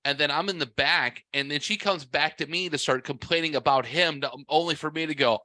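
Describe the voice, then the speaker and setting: A man's voice: on the high side, a little fast, no room sound. Blunt, swearing man in his forties. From half white, half Mexican heritage. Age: 40s. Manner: profane, blunt, animated storytelling. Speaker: podcast host. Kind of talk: casual storytelling.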